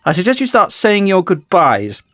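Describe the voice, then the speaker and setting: A man's voice: high voice, wildly swooping pitch, normal speed, a bit bright, no echo, faint music behind, pitched above the performer's own voice, heavily acted. A man voicing a spiteful, boastful male villain who taunts his enemies in a sing-song way. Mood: gloating.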